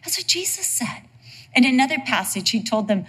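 Woman preaching, lively and jokey, kinda high voice. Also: normal speed, slightly rough. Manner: animated, humorous storytelling preacher. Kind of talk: sermon.

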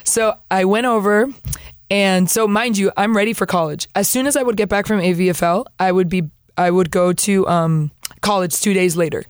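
A young woman from Peru, a guest telling her faith story in animated conversation, acting out what others said and laughing often. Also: mid-range voice, moderate pace, smooth, dry recording, clean studio sound. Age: young adult. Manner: animated, acts out quoted voices, laughs often. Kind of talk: lively storytelling testimony.

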